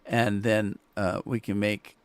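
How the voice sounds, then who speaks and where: Slow-talking man streaming a farm game. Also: on the low side, level tone, smooth, no room sound. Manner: rambling, joking to chat. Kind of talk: casual gameplay commentary.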